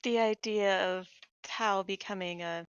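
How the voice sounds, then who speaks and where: A woman's voice: medium pitch, steady tone, unhurried, clean tone, no echo, lo-fi sound. A woman playing a tabletop game, speaking dryly and matter-of-factly. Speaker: player. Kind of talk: casual tabletop chat.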